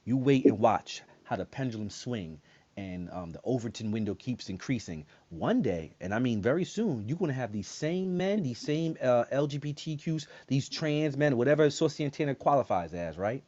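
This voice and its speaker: A man's voice: mid-range voice, lively intonation, normal speed, warm tone. A man on a panel in an online talk room, giving heated opinion talk. He repeats his warnings and keeps asking "right?". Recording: dull lo-fi online audio.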